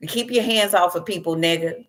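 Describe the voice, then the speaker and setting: A woman's voice: on the low side, normal speed, a bit bright. A woman doing a tarot reading as a brash, profane, rambling rant, laughing as she goes. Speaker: tarot reader.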